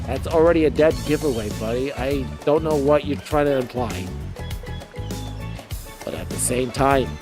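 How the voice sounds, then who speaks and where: A male streamer with a mid-range voice reads a dating game aloud at normal speed, pausing often. He comments playfully, laughs at his own jokes, and tries out character voices while game music plays behind him.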